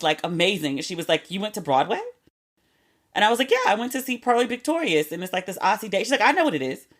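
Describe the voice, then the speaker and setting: Candid, profane young woman host. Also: lowish voice. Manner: candid, profane storytelling with slang. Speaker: podcast host. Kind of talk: casual solo chat.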